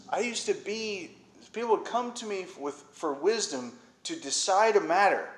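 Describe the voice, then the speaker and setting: A man preaching in a relaxed, conversational way, retelling a Bible story and acting out the lines of the people in it. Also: sits high, roomy sound, low-quality recording. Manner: conversational storytelling, acts out quoted voices. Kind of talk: informal Bible teaching.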